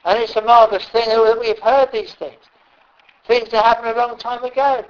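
A man preaching a sermon, often pausing and repeating words as he stresses a point. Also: very high voice, flat delivery. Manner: halting, repeats words, emphatic. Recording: dull lo-fi recording.

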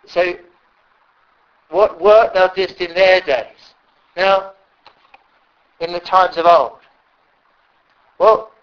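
Halting high-voiced preacher, lo-fi. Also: male voice. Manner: halting, repeats words, emphatic. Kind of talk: sermon. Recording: dull lo-fi recording.

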